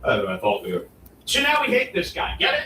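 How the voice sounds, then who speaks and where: A man in a casual commentary, telling a story in an animated way and mockingly acting out other people's lines. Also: medium pitch, fairly quick. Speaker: streamer reacting to clips. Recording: echoey room, distant mic, faint noise.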